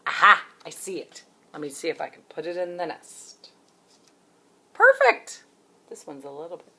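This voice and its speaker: A woman's voice: sits low, steady tone, fairly quick, pushed and bright, breathy edge. A woman teaching a children's phonics lesson as a preschool teacher, cheerful and encouraging as she speaks to young children.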